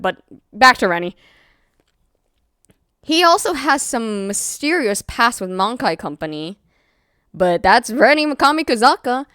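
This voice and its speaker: A woman's voice: on the high side, a bit bright, smooth, no room sound, clean studio sound. A young woman streamer chatting casually and rambling, often apologizing and laughing as she explains things. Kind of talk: casual livestream chat.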